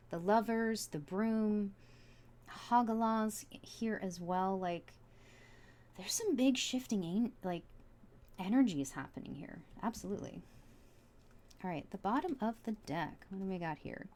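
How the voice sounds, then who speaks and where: A woman giving a casual tarot reading, chatty and earnest, full of fillers and restarts, soft and heartfelt. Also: medium pitch, expressive, moderate pace. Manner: soft and heartfelt, at times emotional. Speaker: tarot reader.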